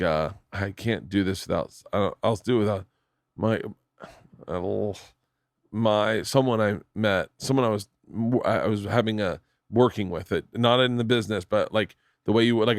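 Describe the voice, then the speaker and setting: Man telling animated stories, dry studio sound. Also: on the low side, no echo. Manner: animated anecdotes, voices quoted people. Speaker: podcast host. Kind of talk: casual chat, storytelling.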